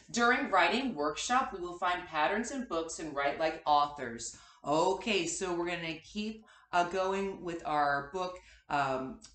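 Slow, lively woman teaching kindergarten. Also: medium pitch, reverberant. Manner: slow, lively and encouraging, speaking to small children. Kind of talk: morning meeting lesson for young children.

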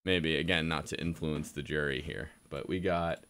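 A man's voice: a bass voice, steady tone, moderate pace, a bit bright, clean tone. A man casually commenting on a game he is streaming, joking and swearing freely. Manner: joking, profane, laughs often.

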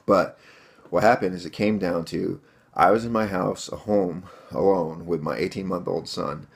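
Deep gravelly man, rambling casual storyteller. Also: steady tone, normal speed. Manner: rambling, many fillers, addresses viewers as guys. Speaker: vlogger telling a home defense story.

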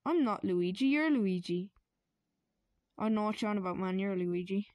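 A woman's voice: mid-range voice, lively intonation, moderate pace, darkish tone, dry recording, studio quality, lightly acted. A woman voicing an evasive younger brother plumber who stammers through his denials.

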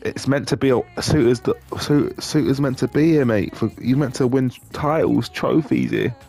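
Brief: male gamer, mid-pitched, cursing and yelling at a football game, quiet music under him. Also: normal speed, creaky. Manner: sweary, swings from glum mutters to shouting. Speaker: gaming YouTuber. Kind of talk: live game commentary.

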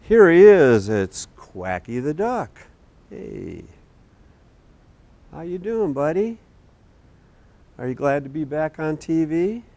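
A man hosting a children's TV show, talking gently and patiently to young kids and a puppet in a studio. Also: fairly high pitch, very animated, takes it slowly, vocal fry, long pauses, no room sound. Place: community TV studio.

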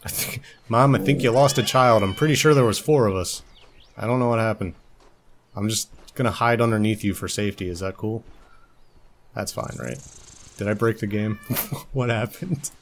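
A man's voice: lowish voice, normal speed, long pauses, slight background noise, natural voice. A man playing a sassy newborn lynx cub. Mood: mock-whiny. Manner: joking, mock-whiny complaints, frequent laughs. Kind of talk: let's play commentary in character.

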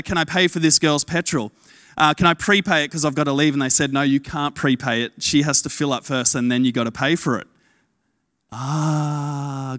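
A young adult man with an Australian accent preaching an energetic sermon, telling a story and acting out quoted lines in a lowered voice. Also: no room sound, clean studio sound. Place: church stage.

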